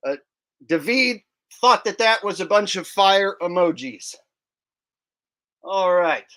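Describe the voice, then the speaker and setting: A man's voice: high voice, lively intonation, slow pace, sharp tone. A man hosting casual comedic commentary, crude, sarcastic and mocking. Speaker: channel host.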